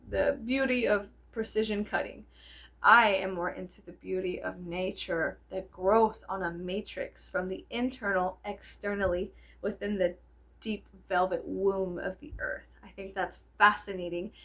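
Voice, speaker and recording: A young adult woman vlogger telling a casual story, animated and profane, laughing often and wandering off on tangents. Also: medium pitch. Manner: animated, profane, digresses with many fillers.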